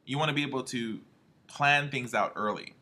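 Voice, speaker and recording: A man's voice: mid-range voice, normal speed, sharp tone. A man leading a motivational marketing training talk in an emphatic way, often checking in with "all right?" and "okay?". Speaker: home health marketing trainer.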